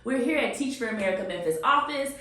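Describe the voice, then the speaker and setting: A bubbly woman hosts a video podcast, gushing and rambling with lots of enthusiasm. Her voice sits a little high. It rings with a strong echo off the bare office walls. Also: lively intonation, quick pace, fairly bright tone. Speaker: podcast host. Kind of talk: enthusiastic interview chat. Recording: echoey office room.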